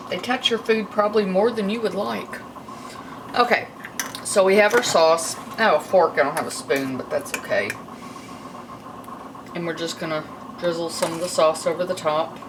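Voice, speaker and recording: A woman's voice: lowish voice, noisy background. Chatty woman cooking at home. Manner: chatty, rambling, thinks aloud. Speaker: home cook and channel host. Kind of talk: casual cooking vlog. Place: home kitchen. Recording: distant mic, kitchen clatter behind.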